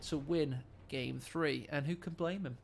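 A man casting a live strategy game with quick, jokey play-by-play and sudden excited rises. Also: fairly high pitch, creaky, slight background noise. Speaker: game caster. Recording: game battle sounds under the voice.

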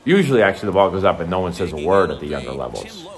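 A man's voice: sits low, racing. A middle-aged man casually commentating on a baseball video game and coaching tips in a chatty, rambling way. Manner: chatty, rambling, animated asides.

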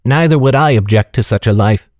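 A man's voice: mid-range voice, fairly quick, darkish tone, no echo, studio quality, close to an everyday voice. A man voicing a cheeky young man who teases and sulks. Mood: teasing, sulky. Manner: teasing and huffy.

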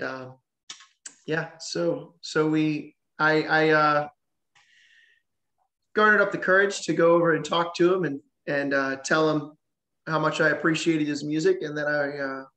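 A man on a webinar panel telling a casual story, halting with many fillers and a dry, sarcastic humor. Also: on the high side, fairly even intonation, a bit bright. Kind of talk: casual anecdote. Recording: roomy echoey room sound.

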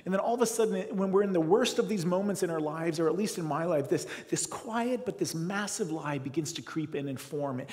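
A middle-aged Canadian man preaches a sermon in a church sanctuary, his voice sitting a little high for a man. He tells stories animatedly, swinging between big declarations and hushed asides. A long hall reverb trails after his words. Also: a little fast, hardly any pauses. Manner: animated storytelling preacher, acting out his own inner voice. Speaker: pastor.

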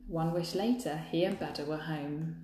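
List: woman reading a kids' story, mellow lowish voice, echoey room, faint background hum. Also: steady tone, unhurried. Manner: chatty asides to viewers, laughing. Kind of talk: reading a children's book aloud.

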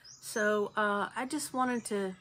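A woman's voice: medium pitch, slow pace, slight background noise. A woman who teaches banjo, talking earnestly about her faith, choked up and sometimes dropping to a near whisper. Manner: earnest, soft, drops to a near whisper at times. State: choked up, tearful. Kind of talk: heartfelt casual talk about faith.

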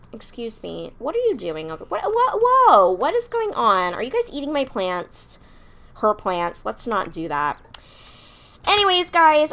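A young woman with a mid-range, slightly bright voice streams a life-simulation game, chatting casually as she plays. She scolds her characters in exasperation.

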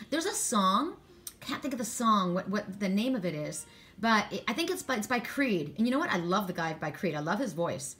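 A woman's voice: on the high side, a bit bright. Rambling, encouraging woman reading oracle cards. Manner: rambling and encouraging, with frequent restarts. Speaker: tarot and oracle card reader. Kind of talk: spiritual card reading to viewers.

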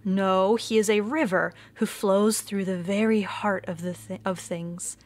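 A woman reading a waterfall, low and firm. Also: steady tone, a little slow, a little mellow, natural voice. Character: thundering waterfall.

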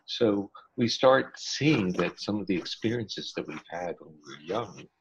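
An older man as an interview guest, explaining in a measured, lecturing way with long drawn-out phrases over a remote call. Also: low-pitched, expressive, lo-fi sound, slight background noise. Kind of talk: explanatory conversation.

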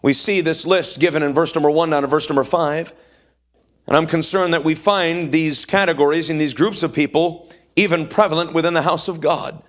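A man's voice: on the high side, fairly even intonation, fairly quick. A man preaching a revival sermon in a church, with an emphatic, repetitive cadence. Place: church sanctuary.

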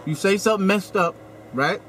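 A man's voice: high voice, fairly quick, fairly bright tone, a little hiss or hum. A man hosting a casual comedy chat, teasing his guest with provocative banter. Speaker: host, comedian. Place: inside a van.

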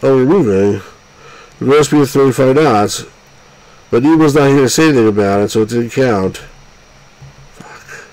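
A man's voice: medium pitch, moderate pace, long pauses, a little mellow, poor audio. A man hosting a let's play, giving casual gameplay commentary, exasperated and swearing at the game.

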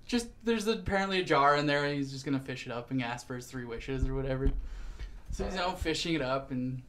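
A man's voice: medium pitch, lively intonation, fairly bright tone, slight background noise. A man in casual podcast chat, rambling through a show's plot and briefly acting out the characters. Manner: rambling, acts out characters in quick put-on voices. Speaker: podcast co-host. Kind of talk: casual chat recapping a show.

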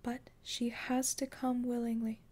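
Death as a stern, cold female ruler from beyond, voiced by a woman narrator with a raised, mellow tone and a measured, reproachful delivery. The storybook figure speaks with quiet authority. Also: fairly high pitch, flat delivery, voice pushed up.

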